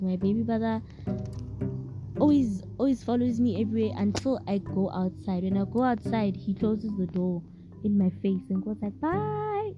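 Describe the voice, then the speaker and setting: Young woman, podcaster, heartfelt and reflective, over clear guitar music. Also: mid-range voice, lo-fi sound. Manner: heartfelt, reflective, openly emotional. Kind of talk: casual personal podcast monologue.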